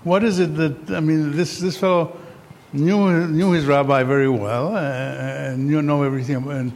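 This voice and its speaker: A man's voice: on the high side, steady tone, normal speed, a little mellow. A man speaking on a panel in a lecture hall, talking hesitantly with many ums and telling a joke. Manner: hesitant, many ums, raising voice when the mic fails.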